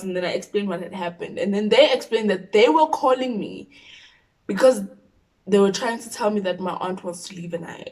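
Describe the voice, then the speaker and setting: A young woman in her twenties with a South African accent, telling a personal story on her vlog in an expressive, animated way. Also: mid-range voice. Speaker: YouTuber.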